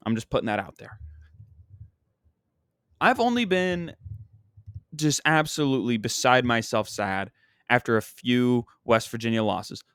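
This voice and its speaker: A young man hosts a solo podcast in casual chat, rambling and exasperated as he vents about his teams. His voice sits at an ordinary middle pitch for a man. The recording is dry and close, with little room sound. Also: clear, resonant tone, no room sound. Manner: rambling, exasperated sports-fan venting with frequent "you know what I mean". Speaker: podcast host and comedian.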